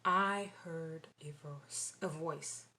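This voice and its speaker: A woman recounting a dream in casual spoken testimony, halting and repeating phrases with many restarts. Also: deep voice, pushed and bright.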